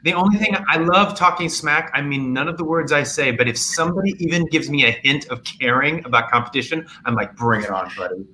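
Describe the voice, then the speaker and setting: A man telling animated stories and playing a game on a video call, chatty and playful. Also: on the high side, a little fast, few pauses, slight background noise, low-quality recording. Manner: chatty, playful, acts out quoted voices. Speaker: game night guest.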